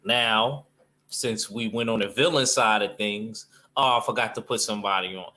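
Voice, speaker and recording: A man chats loosely about comic books in a rambling, slangy way, with frequent fillers. His voice sits low, yet it has a bright, forceful edge. The talk stays casual and unscripted. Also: normal speed. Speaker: comic book vlogger. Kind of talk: casual chat.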